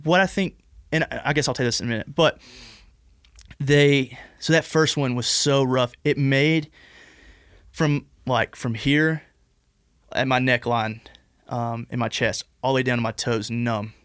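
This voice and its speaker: A man's voice: mid-range voice, steady tone, unhurried, pauses often, a bit bright, clear, resonant tone, no room sound, studio quality. A man in his twenties, a podcast guest telling a long personal story in a casual, rambling way, full of "like" and restarts. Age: 20s. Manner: rambling, heavy use of "like" and restarts.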